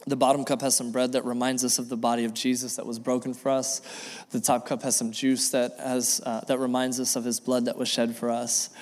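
Male pastor, mid-pitch, earnest preaching, reverberant sanctuary sound. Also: a little mellow. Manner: earnest, repetitive preaching with acted dialogue. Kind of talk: sermon. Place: church sanctuary. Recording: long reverb of a church hall.

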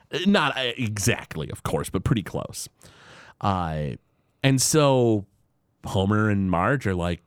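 A man chatting casually on a podcast, retelling a cartoon episode with lots of fillers and quick quoted bits. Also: on the low side, dry recording, clean studio sound. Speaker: podcast host.

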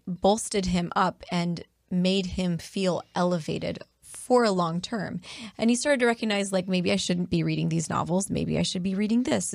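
Woman guest, low gravelly voice, chatty, tells stories with lots of fillers. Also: dry recording, studio quality. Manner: chatty storyteller, many fillers and restarts. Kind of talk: casual conversation.

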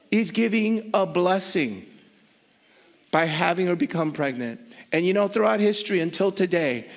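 A male pastor delivers a sermon in a high, emphatic voice. He drives his points home by repeating words and firing rhetorical questions at his listeners.

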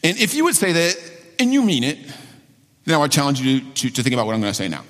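A man preaching a sermon as pastor of his church, earnest and halting, repeating phrases and restarting often. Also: on the high side, huge pitch swings, fairly bright tone. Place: church sanctuary. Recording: long hall reverb.

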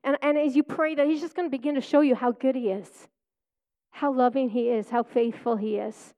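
A woman with a bright, high-pitched voice shares her testimony from the pulpit. She tells it like a chatty story, laughing often as she goes. She sounds middle-aged. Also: steady tone, a little fast, highs cut off. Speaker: preacher. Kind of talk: personal testimony sermon.

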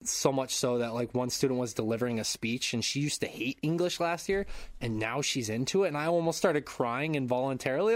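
A man hosting a podcast, telling a story in casual chat, animated and swearing freely while acting out loud shouts, on a close microphone at home. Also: mid-range voice, a little fast, no room sound. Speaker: podcast host. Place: home room. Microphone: close podcast mic.

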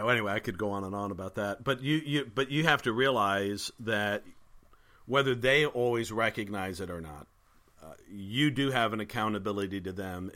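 A man's voice: fairly low pitch, sharp tone. A man who is a pastor talking casually with another pastor, thoughtful and wry, often restarting his sentences. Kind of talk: casual conversation between pastors.

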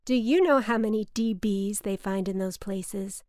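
A woman's voice: mid-range voice, moderate pace, darkish tone, no echo, studio quality, lightly acted. A woman voicing her curt, indignant, hard-drinking mother, who swears freely and snaps back. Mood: alarmed scolding.

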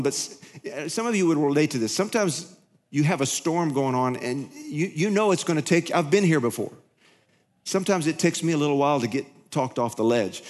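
Male pastor, chatty and animated in the pulpit, voice a touch high, long hall echo. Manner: conversational, animated, acts out inner voices. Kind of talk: sermon. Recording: echoey hall.

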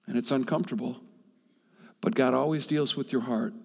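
A man preaching a sermon with passion, swinging from loud, high appeals to soft, quiet asides and repeating himself as he presses a point. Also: normal speed, vocal fry, slightly rough, in a large hall. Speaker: pastor.

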